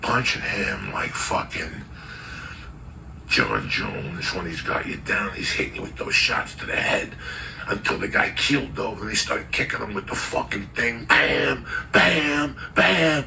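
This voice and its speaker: A man telling a loud, profane story, acting out the people in it. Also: lowish voice, moderate pace, vocal fry, far from the mic, a little hiss or hum, rough recording. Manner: loud, profane, animated, acts out voices in the tale. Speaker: storyteller guest.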